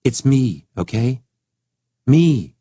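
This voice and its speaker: A man's voice: medium pitch, big pitch swings, very slow, dark tone, slightly rough, no room sound, pitched above the performer's own voice, exaggerated voice. A man voicing a determined young woman who talks others down in an audiobook, earnest and insistent. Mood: pleading.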